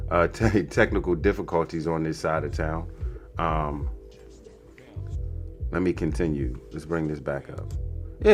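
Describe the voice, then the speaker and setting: A man with a fairly low voice hosts a podcast in loose, casual commentary. He repeats himself and drifts into slangy asides. Faint music plays behind him. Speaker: podcast host.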